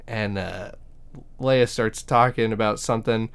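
A man's voice: on the low side, unhurried, clean tone. A man retelling a show episode in casual chat, acting out the characters and laughing often. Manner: animated storyteller, acts out characters, laughs often, swears. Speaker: podcast co-host.

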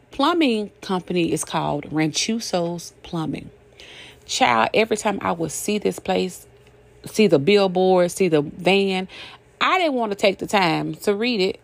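A woman's voice: medium pitch, lively intonation, measured pace, vocal fry, no room sound. An older woman giving a casual inspirational talk, folksy, repetitive and emphatic, often laughing. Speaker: motivational speaker.

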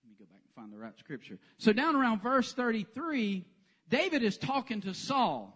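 A man's voice: very high voice, normal speed. A man preaching a sermon in a church sanctuary, telling the story with humor. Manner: animated, joking storyteller. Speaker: pastor.

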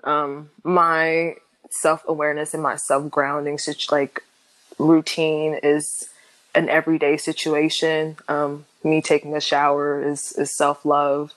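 A young woman guest speaking candidly in an interview, halting with many fillers and restarts, lively when she quotes others. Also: deep voice, poor audio.

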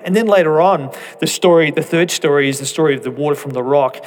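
Animated male preacher delivering a sermon. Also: fairly high pitch, fast talker. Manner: animated, rising to emphatic peaks and dropping to soft asides; conversational, with rhetorical questions.

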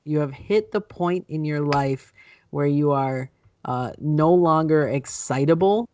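A man's voice: on the high side, unhurried, a little mellow, muffled recording. A man co-hosting a podcast, throwing in dry, wry asides during casual banter. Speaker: podcast co-host.

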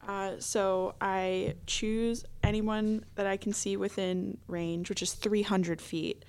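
A woman playing a tabletop game, hesitant and halting with many ums. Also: medium pitch, flat delivery, a little mellow, clean tone. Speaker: player.

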